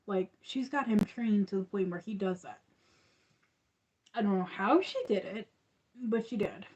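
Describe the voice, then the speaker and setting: A woman's voice: mid-range voice, measured pace, a little mellow, dull audio, slight background noise. A woman hosting a crochet livestream, chatting casually and rambling with frequent laughs.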